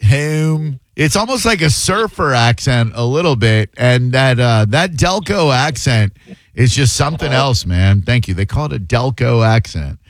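Laid-back radio guy cracking jokes, dry studio sound, mid-pitched. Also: lively intonation, normal speed, no echo. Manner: joking, loose and laughing. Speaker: radio host. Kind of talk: casual radio talk show. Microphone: studio mic.

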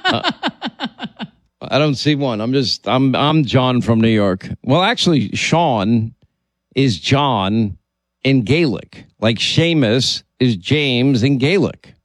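A man's voice: mid-range voice, expressive, takes it slowly, dry recording. A man hosting a talk radio show, bantering and teasing his co-host. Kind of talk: casual on-air banter.

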